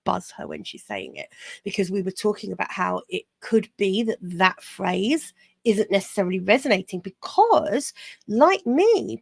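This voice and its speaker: A woman, a business coach, talks through ideas in a casual podcast chat. Her voice has a gravelly, creaky texture, and she keeps restarting sentences as she goes. The sound is dry and close, with no room around her. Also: medium pitch, no room sound. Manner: chatty, self-correcting, laughs easily.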